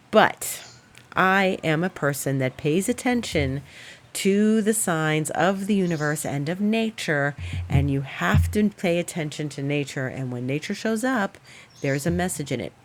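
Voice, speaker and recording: A middle-aged woman with a low voice talks through her astrology forecast in a chatty, animated way. She tells stories with plenty of laughter and spoken asides. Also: normal speed. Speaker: astrologer host. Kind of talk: casual storytelling and astrology forecast.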